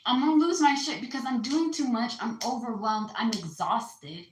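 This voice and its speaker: A woman's voice: on the high side, normal speed, reverberant, a little hiss or hum, rough recording. A woman giving a casual astrology card reading, chatty and slangy, calling her listeners baby. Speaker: tarot card reader.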